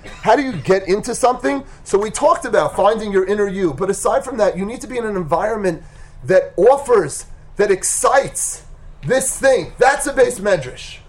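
A man teaching a Torah class, retelling a story with animated, emphatic delivery. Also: high voice, normal speed.

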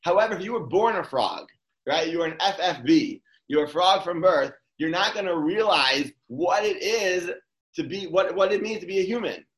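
A man with a slightly higher voice gives a casual Torah talk. He speaks conversationally and often restarts his sentences. The room around him is echoey. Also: lively intonation, normal speed, fairly bright tone.

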